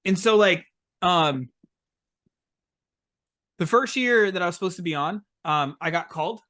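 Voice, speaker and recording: A man talking as a podcast guest in a relaxed, rambling way, with lots of "like" and "um". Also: sits high, a little slow. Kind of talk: casual interview chat.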